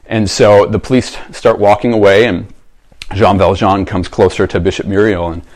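A male pastor with a fairly low voice preaches a sermon. He talks in a relaxed, conversational way, like someone telling a story. He often pauses to ask his listeners questions to reflect on.

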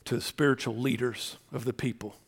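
A man preaching a sermon as pastor, humorous and conversational, swinging between loud emphasis and quiet asides. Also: mid-range voice, fairly even intonation, brisk.

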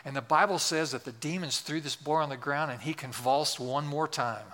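A man in his sixties, a pastor, delivers an emphatic sermon in a large church, repeating key phrases and putting questions to the congregation. His voice is fairly high, bright and forceful, at a moderate pace. The recording carries the long reverb of a large hall.

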